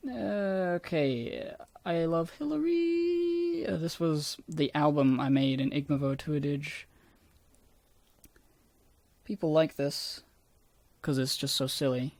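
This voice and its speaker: A man casually rambling about his own old videos, self-deprecating and swearing often, with a somewhat squeaky voice. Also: slow, long pauses, darkish tone, dry recording.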